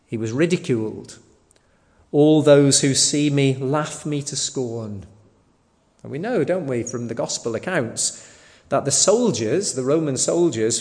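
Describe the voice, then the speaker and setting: A man preaching a sermon in a slow, deliberate way, sometimes asking the listeners rhetorical questions. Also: medium pitch. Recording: long hall reverb.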